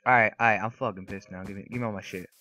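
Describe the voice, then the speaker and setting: A young man giving casual, excitable gameplay commentary, trash-talking opponents and swearing often. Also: on the low side, very fast. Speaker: gaming YouTuber. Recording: noisy recording with mouse and keyboard clicks.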